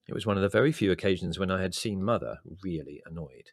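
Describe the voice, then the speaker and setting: A man's voice: deep voice, quick pace, no room sound. A man reading a comic memoir aloud in a wry, dry and understated storytelling manner. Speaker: narrator.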